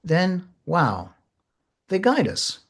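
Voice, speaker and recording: A man teaching therapists in a slow, gentle, measured way, pausing often. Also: sits high, wildly swooping pitch, breathy edge. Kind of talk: reflective teaching talk.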